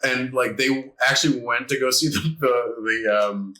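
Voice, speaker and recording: A man's voice: medium pitch, steady tone, normal speed, bright, forceful tone. A young man hosting a podcast, telling a rambling story in casual chat and laughing through it. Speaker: podcast host. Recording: echoey room.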